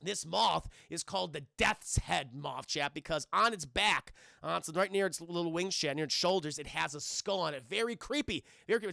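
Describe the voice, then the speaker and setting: A man's voice: on the high side, moderate pace, gravelly, hardly any pauses, bright, forceful tone, no echo, studio quality. A young man streaming a casual, profane film breakdown, chatting to his viewers as he goes. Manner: profane, chatty, keeps addressing chat.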